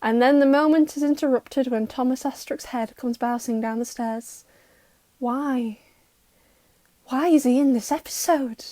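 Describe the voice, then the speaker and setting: Young woman, higher voice, dry close sound; sarcastic recap host roasting an episode. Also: measured pace, dark tone, no room sound. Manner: sarcastic, exasperated roasting with mock quotes. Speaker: YouTuber reacting to a cartoon.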